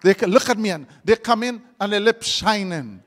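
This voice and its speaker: A man's voice: sits high, lively intonation, normal speed. A man preaching a live sermon, joking and quizzing his congregation. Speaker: pastor.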